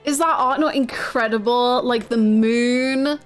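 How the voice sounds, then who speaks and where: A woman's voice: fairly high pitch, takes it slowly, soft background music. A woman live-streaming, chatting casually with her viewers, gushing and swearing freely. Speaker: game streamer.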